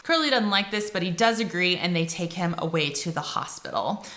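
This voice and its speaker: Bright-voiced woman retelling a novel. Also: lowish voice, lively intonation. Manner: retells the plot with quick paraphrased character quotes and lots of "like". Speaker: teacher explaining a novel. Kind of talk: casual literature summary video.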